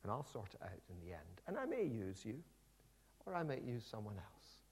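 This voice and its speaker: A calm divine voice speaks softly and kindly, telling the listener the burden is not theirs to carry, as a preacher voices him. The tone stays low-key and unhurried. It is close to an everyday speaking voice, only quieter. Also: male voice, breathy edge, long reverb tail, full character voice. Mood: reassuring. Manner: gentle, soft, reassuring. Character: calm reassuring divine male voice. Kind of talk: sermon with acted scripture quotes.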